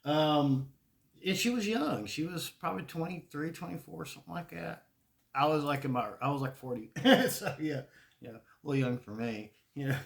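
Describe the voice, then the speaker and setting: A man's voice: fairly high pitch, moderate pace, gravelly. A Southern man in his forties, telling stories in a rambling casual monologue, swearing and restarting often. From Charlotte, North Carolina. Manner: profane, rambling, frequent restarts and laughter. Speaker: podcast host.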